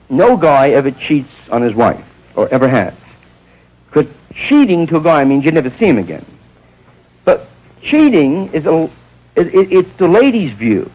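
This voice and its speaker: A man's voice: a little high, a little mellow, breathy edge, muffled recording. A man around forty doing an improvised stand-up monologue, rambling and digressive, with muttered asides. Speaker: stand-up comedian.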